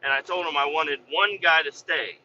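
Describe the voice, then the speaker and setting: A man's voice: a little high, moderate pace, lo-fi sound, a little hiss or hum. A man casually telling a heated story, swearing a lot and getting worked up as he goes. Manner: heated, swears a lot, re-enacts his own yelling. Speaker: podcast host and business owner.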